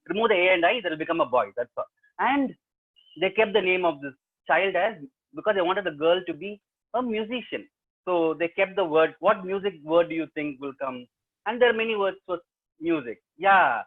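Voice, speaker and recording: A man with an Indian English accent tells a story animatedly and quizzes his listeners. His voice sits a little high and is husky. It comes through thin, phone-like video call audio. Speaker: professional storyteller. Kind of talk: live oral storytelling to students. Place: remote webinar, home setup. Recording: tinny webinar call audio.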